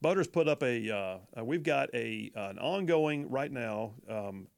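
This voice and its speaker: A man's voice: mid-range voice, animated, a little slow, vocal fry, smooth. Male talk radio host, folksy, loose delivery, trips over words. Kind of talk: talk radio reading listener texts.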